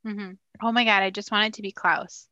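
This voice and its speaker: A woman co-hosting a casual podcast, talking through her theories about a TV show. Her voice is bright and forward, and she slips into quick put-on voices when quoting characters. The sound is dry and a bit muffled. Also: mid-range voice, fairly even intonation, dry recording. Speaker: podcast co-host.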